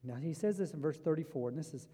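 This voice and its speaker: Casting: middle-aged male pastor, fairly high voice, hushed-to-loud preaching, big reverberant hall. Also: expressive, fast talker, breathy edge. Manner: swings from hushed, intimate storytelling to loud, rising emphasis. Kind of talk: sermon.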